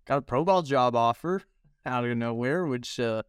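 A man's voice: medium pitch, moderate pace, clean tone, dry recording, studio quality. A man, a coach who co-hosts a podcast, chatting casually and hesitantly with many ums and uhs. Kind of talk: casual chat.

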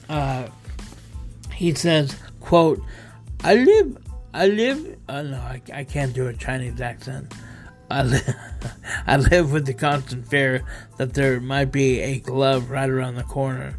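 A man's voice: medium pitch, level tone, slow pace, long pauses, soft background music. A man hosting a casual solo podcast, reading odd news stories in a loose, rambling way and stumbling over words. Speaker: podcast host.

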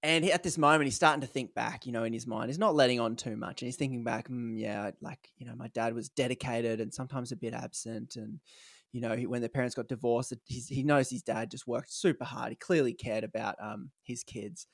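A man tells a story in a loose, chatty way, voicing the people in it as he goes. His voice sits at a middle pitch. The recording is dry and close, with no room sound. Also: brisk, gravelly, no echo. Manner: animated retelling, acting out quoted lines, frequent fillers. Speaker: podcast co-host telling a story. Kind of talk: casual storytelling chat.

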